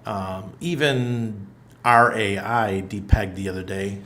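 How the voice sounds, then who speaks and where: A man's voice: lowish voice, fairly even intonation, takes it slowly, fairly bright tone. A middle-aged man hosting a casual livestream, reading viewer comments aloud in a loose, chatty way and laughing often. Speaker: livestream host. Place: apartment in Panama.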